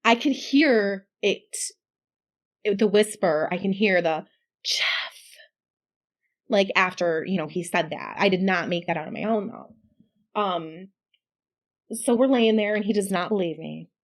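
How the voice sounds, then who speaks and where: A middle-aged woman co-hosting a podcast, telling a personal story in casual chat, animated and quick to laugh. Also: medium pitch. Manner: chatty, animated when quoting, laughs often. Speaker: podcast co-host.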